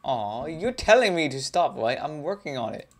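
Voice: mid-range voice, big pitch swings, normal speed. A young adult gamer casually reading a visual novel aloud, chatting between lines, laughing often and swearing under their breath. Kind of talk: casual let's-play with read-aloud game text.

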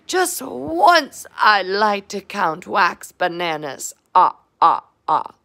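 A woman voicing a theatrical male vampire who loves counting, speaking in a grand, drawn-out way. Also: mid-range voice, very animated, sharp tone, heavily acted.

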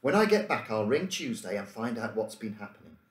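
A man reading aloud and voicing a brisk, obliging schoolboy messenger. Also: on the low side, big pitch swings. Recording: roomy room echo.

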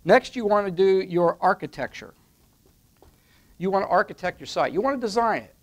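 A man's voice: sits high, lively intonation, normal speed. A man explaining online marketing steps at a whiteboard, emphatic and repetitive, often checking in with "okay?". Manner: step-by-step, emphatic, repeats with "okay?". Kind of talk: instructional talk at a whiteboard.

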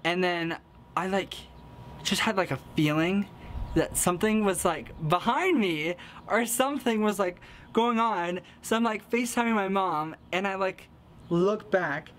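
A young man from the American Midwest, excitable and giggly, telling a casual storytime vlog full of fillers. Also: high voice, a little slow, a little hiss or hum. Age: young adult. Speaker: vlogger.

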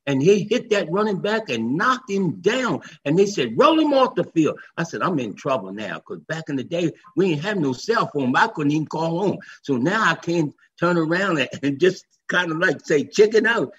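A man's voice: fairly high pitch, animated, moderate pace, few pauses, fairly bright tone, husky. An older man and former football player, telling stories in an interview and acting out the voices he quotes. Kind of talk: storytelling interview. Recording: dull lo-fi remote line with faint noise.

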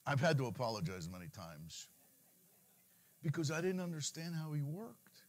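A middle-aged man preaching a sermon, switching into pleading cries as he mimics worried believers. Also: moderate pace. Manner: animated preaching, mimics anxious pleas in a higher voice. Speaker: pastor.

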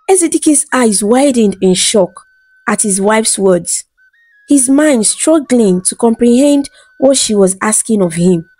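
A woman narrating a bedtime folktale in a smooth, even storytelling read. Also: on the high side, a little slow, dry recording, soft background music.

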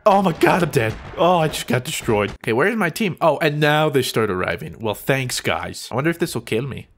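A man with an American accent giving excitable, giggly let's-play commentary. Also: medium pitch, fairly quick, slight background noise. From United States. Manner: excitable, giggly, frequent shrieks. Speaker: gaming YouTuber.

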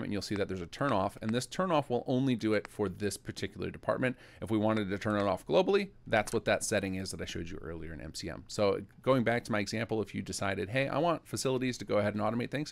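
A man's voice: on the low side, creaky, a little hiss or hum. A man who develops a game mod walks through its new features in a casual, explanatory screen-recorded tutorial, thinking aloud as he clicks through menus.

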